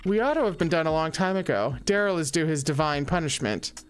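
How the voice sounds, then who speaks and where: A woman's voice: sits low, expressive, fairly quick, faint music behind. A woman doing a sassy scheming angel. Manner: sassy, persuasive. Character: scheming sassy angel bar performer, female. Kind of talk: let's play voice acting.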